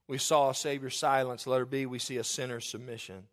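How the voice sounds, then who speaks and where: Animated male preacher, acts out voices. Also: mid-range voice, fairly quick. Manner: jokes about himself. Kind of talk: sermon.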